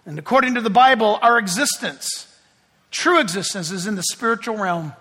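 A man's voice: high-pitched, animated, normal speed, pushed and bright, long reverb tail. A middle-aged man preaching a sermon as pastor, telling chatty stories with self-deprecating humor.

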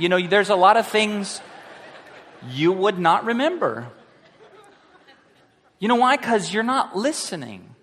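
A man, a high school pastor, preaching a sermon as an animated story, acting out the voices of the people he quotes. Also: unhurried, long pauses. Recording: long hall reverb.

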